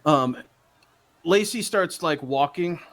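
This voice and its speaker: A man's voice: on the high side, animated, slow pace, a bit bright. A man narrating as game master of a tabletop game, rambling with many fillers.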